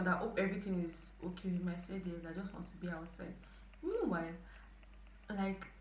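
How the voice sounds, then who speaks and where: Nigerian woman in her twenties, lively storytime vlogger, roomy echo, faint hum behind. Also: medium pitch. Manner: animated, dramatic outbursts and asides. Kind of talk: casual storytelling to camera. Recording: echoey room.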